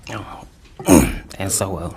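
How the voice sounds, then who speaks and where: A man testifying in court, telling his story in a rambling, halting way full of fillers and restarts. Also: low-pitched, background noise. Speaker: defendant testifying.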